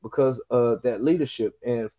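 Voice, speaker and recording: A young man on a podcast, telling army stories in casual, profane, animated chat and acting out the people he quotes. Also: medium pitch, moderate pace. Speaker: podcast co-host.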